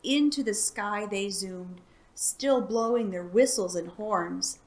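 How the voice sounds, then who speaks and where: A woman reading a children's chapter book aloud for a library storytime, calm and soft-spoken. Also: medium pitch, slow.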